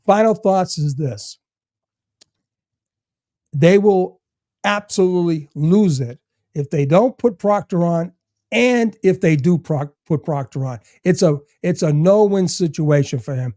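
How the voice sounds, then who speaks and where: An older man, a retired federal agent guest telling stories in casual, animated chat and swearing freely. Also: high voice, measured pace, no echo, clean studio sound.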